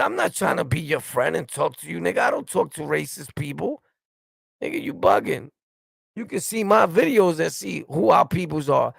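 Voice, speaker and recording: Gravelly New York man ranting bluntly. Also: high-pitched, dry recording. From New York City. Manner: blunt, profane, combative. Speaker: streamer host. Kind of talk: ranting reaction commentary.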